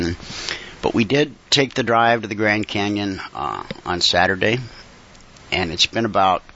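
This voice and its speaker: A man's voice: lowish voice, fairly bright tone, lo-fi sound. A middle-aged man hosting a casual monologue, folksy and wry, a little congested from a cold. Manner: conversational and folksy, with wry asides.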